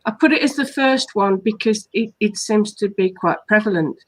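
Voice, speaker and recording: A woman's voice: medium pitch, moderate pace, rough recording. A woman hypnotherapist from England hosting a live online talk, explaining points and listing them earnestly. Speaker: hypnotherapist host.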